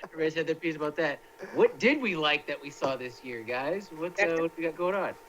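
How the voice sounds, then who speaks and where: A man's voice: fairly high pitch, animated, a little fast, fairly bright tone, rough recording. A man co-hosting a casual fan talk show, laid-back and slangy. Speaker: co-host. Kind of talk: casual chat.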